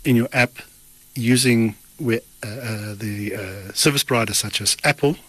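A man's voice: medium pitch, moderate pace, a bit bright, breathy edge, no echo, poor audio. A man, a creative agency director, explaining app payment options on a radio show with some hesitation.

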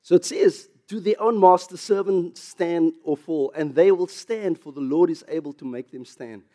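A South African pastor preaching a sermon, getting louder and higher on emphasis, with chuckles and asides. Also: male voice, moderate pace.

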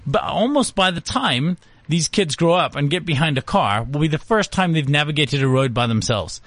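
A man's voice: a little high, animated, normal speed, a bit bright, dry recording. Brief: middle-aged man, blunt opinionated co-host, dry close mic. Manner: blunt, ranting, acts out quotes. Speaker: podcast co-host. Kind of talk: casual chat.

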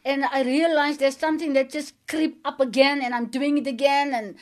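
Guest, woman, middle-aged, South African accent, very high pitch, earnest testimony. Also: fairly even intonation, normal speed. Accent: South African, Afrikaans-tinged. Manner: earnest, repetitive, emphatic. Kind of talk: faith testimony chat.

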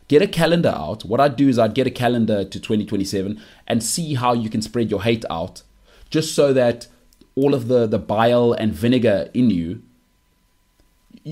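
A man's voice: on the low side, a little mellow. A young South African man hosting a podcast, delivering an opinionated monologue in a teasing, emphatic way that keeps repeating its punchlines. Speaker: podcast host.

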